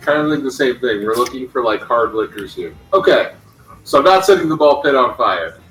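A man's voice: medium pitch, animated, a little fast, a bit bright, rough recording. A young adult man playing in a tabletop game, blunt and joking, swearing casually in and out of character. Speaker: player. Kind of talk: tabletop role-play, in and out of character.

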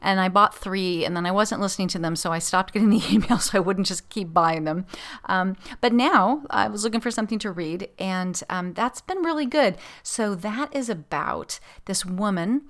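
A woman's voice: mid-range voice, moderate pace, a bit bright. A woman podcast host chatting casually from a home office, rambling along with many fillers and restarts. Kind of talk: casual chat. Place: husband's home office at his desk.

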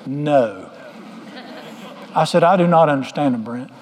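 Folksy preacher with a higher voice. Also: male voice, unhurried, darkish tone. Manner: folksy, joking storyteller. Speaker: pastor. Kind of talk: sermon. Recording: long hall reverb.

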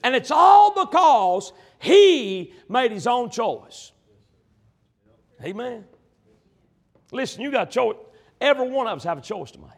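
A male preacher delivering a sermon, emphatic and swinging between loud passages and hushed ones. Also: very high voice, big pitch swings, unhurried, gravelly, pauses often.

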